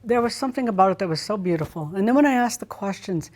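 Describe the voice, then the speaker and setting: A middle-aged woman, a guest in an interview, telling a personal story in an animated, expressive way, acting out her own reactions. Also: mid-range voice, fast talker.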